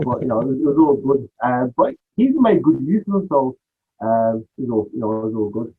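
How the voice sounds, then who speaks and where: A husky-voiced man chats as a podcast guest, wandering through his stories and putting on the voices of people he quotes. His voice comes through a thin, phone-like line. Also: medium pitch, sing-song, a little fast. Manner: rambling, acts out quoted dialogue. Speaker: podcast guest, music producer. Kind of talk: casual storytelling interview.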